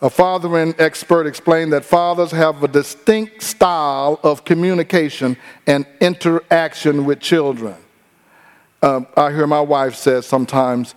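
Lively preacher man. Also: fairly high pitch, a little slow. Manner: lively preaching with humor and mimicked voices. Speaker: pastor. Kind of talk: sermon.

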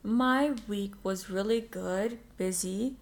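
A woman's voice: medium pitch, slow pace. A woman co-hosting a podcast as a language learner, chatty and teasing in a casual lesson chat.

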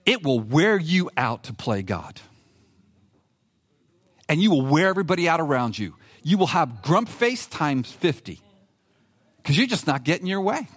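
Animated man preaching a sermon. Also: moderate pace, long pauses. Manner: animated, conversational preaching with swings in pitch; reads scripture with emphasis. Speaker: pastor.

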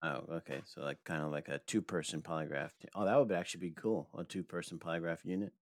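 A man's voice: low voice, fairly even intonation, quick pace, dry recording. A man improvising a comedy bit as an agent, rambling and hesitant with lots of fillers. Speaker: improv performer playing a polygraph agent.

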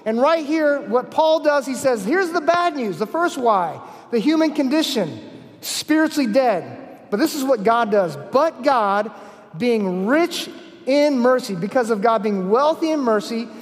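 A man preaching a sermon at a conference, emphatic, repeating key phrases and telling stories. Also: very high voice. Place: large conference hall. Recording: long hall reverb.

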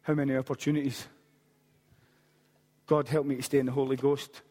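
A man's voice: mid-range voice, flat delivery, brisk, mellow. A man, preaching a sermon as a pastor and telling a story with humorous asides. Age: late 40s. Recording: long hall reverb.

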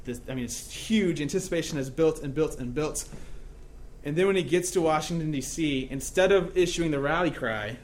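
Brief: male pastor, casual humorous sermon delivery, bit of a high voice, faint noise behind. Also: moderate pace. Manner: joking, conversational, checks in with "right?".

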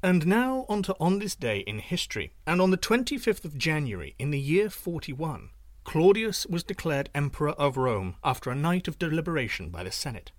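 A man's voice: fairly high pitch, sing-song, normal speed, no room sound. A man hosting a history podcast, reading a scripted outro in a dry, wry manner. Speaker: podcast host.

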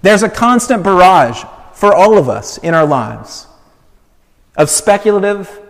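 A man preaching a sermon, measured and emphatic, building with slow repeated phrases. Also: high-pitched, very animated, creaky. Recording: long hall reverb.

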